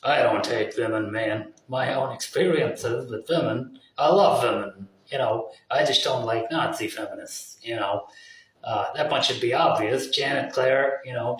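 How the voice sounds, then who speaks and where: A man talks at length in a loose, meandering way, cursing freely and circling back on his points. His voice sits at an ordinary pitch. He sounds set back from the mic, in a strongly echoing room. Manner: casual, profane, full of fillers and asides. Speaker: vlogger. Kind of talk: rambling opinion monologue. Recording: very echoey room, mic at a distance.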